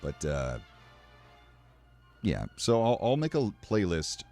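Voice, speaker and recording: Low-voiced man rambling on a livestream. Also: very animated, slow pace, dark tone, faint music behind. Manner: rambling, emotional, swearing casually. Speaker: streamer. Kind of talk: casual livestream chat.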